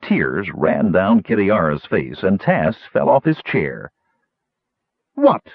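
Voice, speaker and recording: A man reads a fantasy audiobook with an animated, swooping delivery and a lowish, husky voice. The sound is dry and squeezed thin, like a phone line. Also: takes it slowly, no echo. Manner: lively, expressive reading. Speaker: audiobook narrator. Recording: tinny phone-like audiobook recording.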